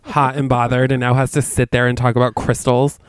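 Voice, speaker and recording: A man's voice: mid-range voice, level tone, a little fast, slight background noise. A man co-hosting a casual recap podcast, gossiping and joking with frequent giggles. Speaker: podcast co-host.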